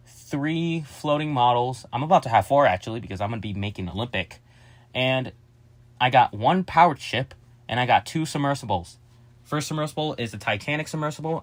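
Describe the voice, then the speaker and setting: A man chatting casually and excitably to his viewers, jumping from topic to topic with quick asides and jokes. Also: medium pitch. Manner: addresses viewers as "guys", quick asides and joking. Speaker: vlogger. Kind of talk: casual rambling vlog chat to viewers.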